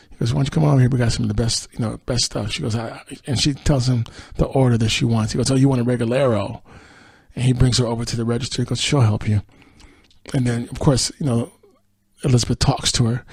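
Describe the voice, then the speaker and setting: A podcast host with a medium-pitched, gravelly, darkish voice recaps a TV episode, rambling casually with fillers and chuckles. The recording is slightly rough but has no echo.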